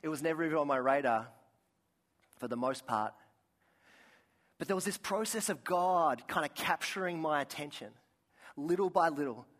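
A man's voice: a little high, animated, normal speed, pauses often, fairly bright tone. Earnest male preacher. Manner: earnest storytelling with frequent restarts and asides. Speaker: pastor. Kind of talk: sermon.

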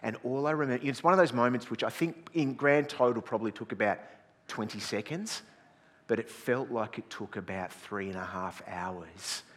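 A middle-aged pastor telling a self-deprecating story in a sermon, chatty and full of restarts. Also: male voice, medium pitch, normal speed, fairly bright tone. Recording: long reverb in a large hall.

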